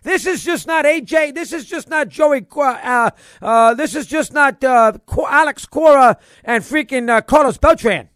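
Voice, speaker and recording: High-voiced, emphatic male sports talker. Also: moderate pace, hardly any pauses, no room sound. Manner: emphatic and excitable, repeats points. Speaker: sports radio host. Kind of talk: opinionated sports talk monologue.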